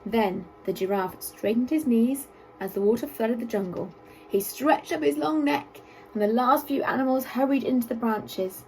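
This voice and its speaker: A woman reading a children's story aloud in an expressive, sing-song way. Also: a little high, moderate pace, rough recording.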